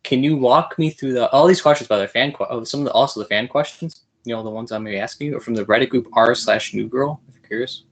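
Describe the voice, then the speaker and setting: A man's voice: mid-range voice, fast, few pauses. A young man hosting a casual podcast interview, eager and playful, often laughing. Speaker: podcast host.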